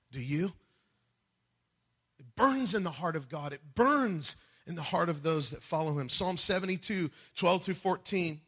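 Guy preaching a fired-up sermon, bright highish voice, goes loud then drops way quiet. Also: normal speed, breathy edge. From United States. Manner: impassioned preaching with sudden loud peaks and soft drops; acts out quoted voices. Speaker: pastor.

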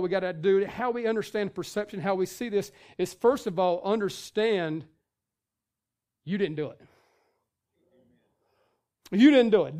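A man's voice: high-pitched, a little mellow, clean tone. A male pastor giving a sermon in a conversational way, with many fillers and restarts.

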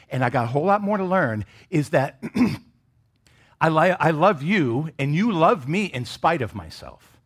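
Animated middle-aged pastor preaching a sermon. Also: male voice, fairly high pitch, slightly rough. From Michigan. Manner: animated, joking asides to the congregation.

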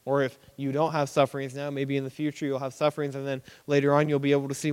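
Young man, preacher, casual sermon, animated, mid pitch, reverberant hall. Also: fast, clean tone. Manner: conversational, animated, acts out reactions.

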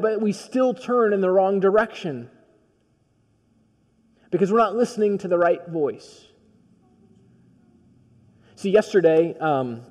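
A male pastor preaching a sermon, telling a story in a personal, conversational way that swings from quiet to emphatic. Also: high voice, in a large hall.

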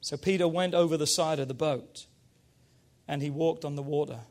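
High-voiced man preaching with fervor. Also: moderate pace. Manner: energetic, emphatic preaching with call-and-response urging. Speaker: pastor. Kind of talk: sermon.

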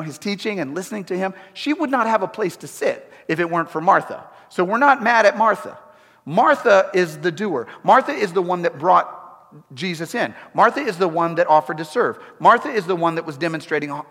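High-voiced preacher with lively delivery. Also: male voice. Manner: animated, repetitive, humorous asides. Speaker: pastor. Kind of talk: sermon. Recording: echoey hall.

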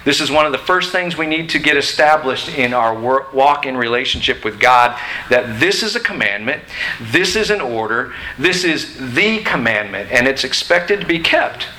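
A man's voice: medium pitch, animated, normal speed, pushed and bright, rough recording. A middle-aged man preaching a sermon in a church, emphatic and questioning his listeners. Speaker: pastor. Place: church sanctuary.

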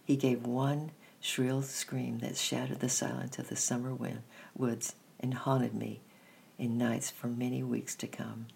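A man reading a children's story aloud in a steady, measured first-person narration. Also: mid-range voice, vocal fry, slight background noise.

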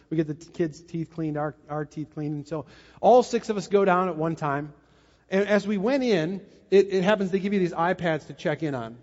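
Middle-aged male preacher, animated storyteller, muffled sound in a large echoing hall. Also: fairly high pitch. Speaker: pastor. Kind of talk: sermon with personal story. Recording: muffled, long hall reverb.

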